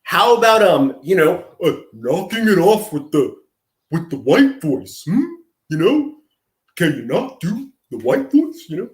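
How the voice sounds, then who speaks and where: A man hosting a reaction commentary, talking in a sarcastic, taunting, drawn-out way. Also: high voice, very animated, echoey room. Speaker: commentary host.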